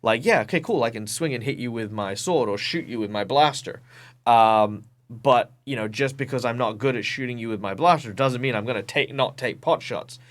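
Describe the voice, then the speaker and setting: An Australian man telling game stories with lively energy. He often stops and restarts with ums, and his pitch sits in the middle range for a man. He speaks as a casual interview guest over a video call. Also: normal speed. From Perth, Western Australia. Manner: animated storyteller, many ums and restarts. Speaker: guest, professional game master.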